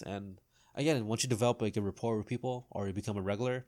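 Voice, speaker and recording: Laid-back low-voiced man chatting. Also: fairly even intonation, quick pace, darkish tone. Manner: laid-back, loose, with many fillers. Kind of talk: casual chat.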